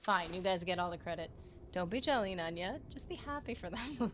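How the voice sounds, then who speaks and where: A woman's voice: on the low side, animated, fairly quick. A woman livestreaming a video game, chatting with her viewers in a giggly, rambling and playful way, teasing them and her partner. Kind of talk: casual gaming livestream chat.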